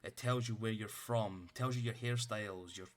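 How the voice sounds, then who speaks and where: Here a man with a lowish voice and moderate pace is running a tabletop game over a streaming mic. He chats out of character, wandering from point to point and cursing freely.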